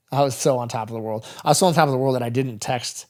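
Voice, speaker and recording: A man's voice: medium pitch, a little fast. A man in his thirties, a military veteran guest, telling stories in a candid, rambling, casual way on an interview podcast. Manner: candid, rambling, with frequent "brother" and "dude".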